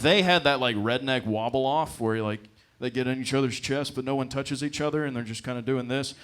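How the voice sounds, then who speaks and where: A man's voice: medium pitch, a bit bright. A young man telling a loose, profane stand-up story on a comedy club stage into a handheld mic.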